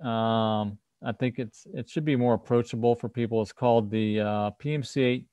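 A man's voice: mid-range voice, steady tone, moderate pace, dark tone, smooth, dry recording. A man hosting a casual livestream tech talk over a video call, explaining things and often restarting his sentences. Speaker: host, firmware developer.

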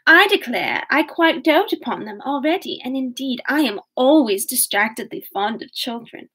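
A woman reading the lines of a gushing, fawning young woman who flatters her hosts. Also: high-pitched, normal speed, slightly rough, exaggerated voice. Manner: effusive and sugary.

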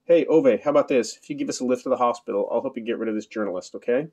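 A man's voice: medium pitch, rapid-fire, a little mellow, pitched above the performer's own voice, close to an everyday voice. A man reading an audiobook, voicing an exasperated young woman neighbor who is blunt and scheming. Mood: incredulous.

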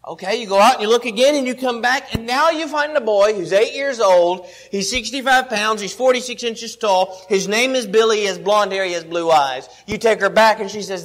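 A man's voice: very high-pitched, fairly quick, rough recording. A man preaching a sermon at a church service, explaining his points earnestly and step by step with everyday illustrations.

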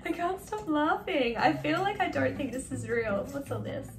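Young woman vlogger, high-pitched, giddy and gushing, music playing under her voice. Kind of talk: excited unboxing vlog.

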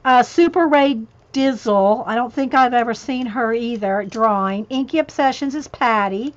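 A woman's voice: on the high side, moderate pace, dull audio. Chatty woman rambling through a list. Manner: chatty, rambling, breaks off to talk to her cat. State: voice getting worn. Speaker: craft vlogger reading a list of channels. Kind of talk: casual livestream chat. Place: home craft room with a ring light.

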